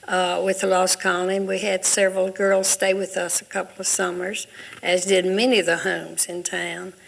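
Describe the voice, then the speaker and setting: An older woman reminiscing as a panel guest, listing details in a measured way with small hesitations. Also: medium pitch, creaky, fairly bright tone, rough recording. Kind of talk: casual reminiscing.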